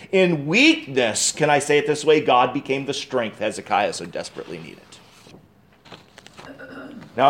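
Preacher man with a lively, swinging voice. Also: medium pitch. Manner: swings from loud pleading to hushed, slowed emphasis; addresses the congregation as friends, asks rhetorical questions. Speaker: pastor. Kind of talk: sermon.

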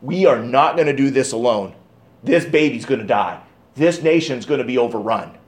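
A male pastor preaching a sermon, swinging from loud emphasis to hushed tones and reading scripture aloud. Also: mid-range voice, expressive, moderate pace. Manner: reads scripture aloud in King James wording.

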